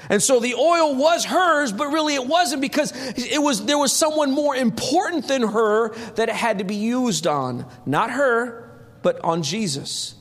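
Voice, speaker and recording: A man preaching a sermon in a lively, humorous, conversational way. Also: very high-pitched, unhurried. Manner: animated, humorous, acts out quotes.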